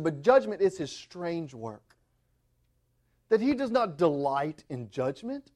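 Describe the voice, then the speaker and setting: A man with a high voice preaches a sermon with fervent emphasis. He restarts phrases and climbs to impassioned peaks. Middle-aged pastor. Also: very animated, slow, a little mellow.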